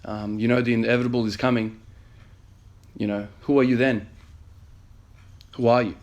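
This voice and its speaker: A man's voice: mid-range voice, level tone, moderate pace, darkish tone. A man in his thirties, an emergency nurse, earnestly telling a story in a motivational vlog with many fillers. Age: 30s.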